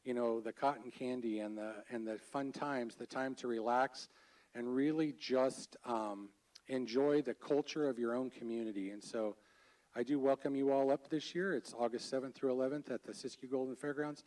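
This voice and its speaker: A man who manages a county fair gives a halting, earnest public comment at a board meeting, with many restarts. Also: medium pitch, fairly even intonation, darkish tone. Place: state board meeting room. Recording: voice a bit far from the mic.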